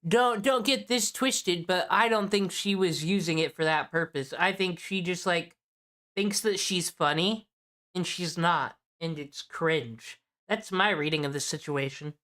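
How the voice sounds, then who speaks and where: A woman's voice: fairly low pitch, a little slow, fairly bright tone. A woman streamer giving casual reaction commentary, blunt, profane and opinionated.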